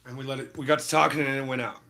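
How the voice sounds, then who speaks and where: A man's voice: mid-range voice, level tone, very fast, bright, forceful tone. A man chatting casually with his live-stream chat while he paints, laid-back and full of slang. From Utah. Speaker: livestreaming painter.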